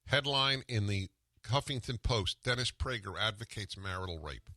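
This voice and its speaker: A man's voice: fairly low pitch, lively intonation, moderate pace, pushed and bright. An older man hosting a talk radio show, arguing with a caller and then delivering emphatic, combative commentary.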